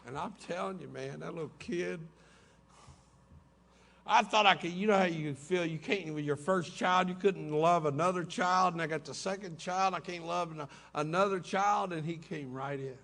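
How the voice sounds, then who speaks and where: A middle-aged man offers his personal testimony to a recovery meeting, folksy and full of laughing asides, in a hotel conference room. His voice is fairly high, creaky and fairly bright, at a moderate pace.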